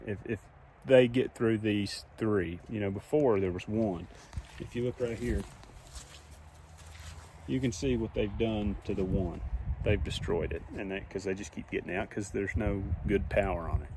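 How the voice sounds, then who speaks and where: A young man films himself on his farm with a phone propped up nearby, talking casually to camera about his fencing work out in the field. His voice is fairly low and darkish, at normal speed, and he thinks aloud in a plainspoken way as he works. The recording carries a little hiss or hum.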